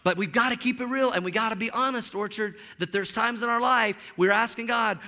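A man's voice: high-pitched, fast talker, few pauses, bright, forceful tone, in a large hall. A male pastor preaching a sermon in a church, telling a personal story and acting out the dialogue. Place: church sanctuary.

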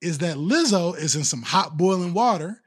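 A man's voice: high-pitched, animated, moderate pace, slightly rough. A man co-hosting a podcast, chatting casually and profanely, often acting out quotes in mocking voices. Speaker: podcast co-host. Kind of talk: casual comedic chat.

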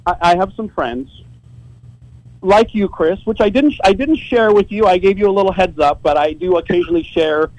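This man's voice sits high and keeps a moderate pace, recorded roughly with no room sound. As a guest on a podcast, the site owner talks from his home office, telling a lively, profanity-laced story in a casual way and laughing between lines.

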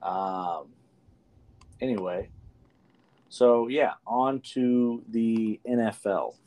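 A fairly low-voiced American man rattles off fight cards and game scores in loose, profane sports-show chat. He stumbles over names and laughs them off. The sound is dry and close, with no room around it. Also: very slow, warm tone, dry recording. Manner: casual, swears often, stumbles over names. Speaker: sports podcast co-host.

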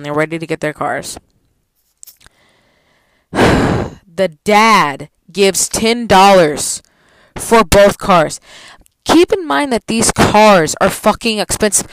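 A woman's voice: lowish voice, slight background noise, poor audio. A young woman telling a story about her job in a casual, profane, exasperated rant. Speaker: vlogger.

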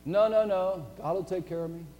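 A man's voice: sits high, fairly quick, muffled recording, pitched above the performer's own voice, lightly acted. A man voicing a stubborn, stranded flood victim who keeps refusing rescue, insisting and pleading as he tells a parable. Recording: echoey hall, faint hum.

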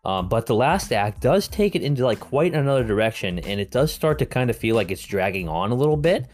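Give me a man co-hosting a movie podcast, loose and rambling, with soft music under him. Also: medium pitch, very animated, a little fast. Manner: rambling, filler-heavy and profane. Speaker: podcast co-host reviewing films. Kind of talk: casual chat.

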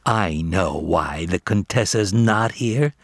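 A man's voice: deep voice, slow, no room sound, clean studio sound, heavily acted. A man voicing an arrogant, bullying big brother tomcat who sneers and threatens. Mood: scornful. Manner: sneering, menacing.

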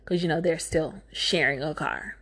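A woman recapping a movie in a casual, comedic way, talking fast, swearing freely, and making sarcastic asides. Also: sits low, fairly bright tone, slightly rough. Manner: profane, sarcastic, talks fast.

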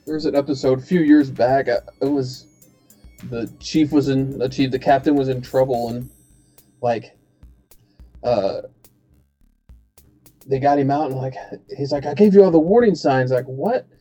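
A man's voice: mid-range voice, fairly even intonation, unhurried, long pauses, warm tone. A man hosting a casual podcast chat, rambling with many fillers and restarts. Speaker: podcast host. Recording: faint bed music behind.

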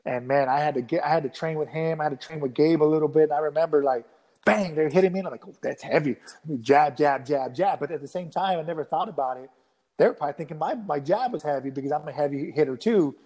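A man in his thirties telling a rambling, animated story in a casual interview, acting out quotes with many restarts. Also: fairly high pitch, fast. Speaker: guest fighter.

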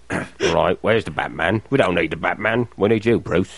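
A man doing an impression of an older male film star giving a fond pep talk, in a low put-on voice. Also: moderate pace, creaky, husky, dry recording, heavily acted.

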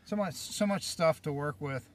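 A man's voice: a little high, moderate pace. A man co-hosting a podcast, reminiscing in a reflective, hesitant way. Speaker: podcast co-host. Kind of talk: casual chat.

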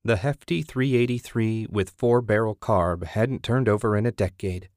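Steady and measured, a male audiobook narrator with a low voice delivers scripted narration. The recording is dry and of studio quality.

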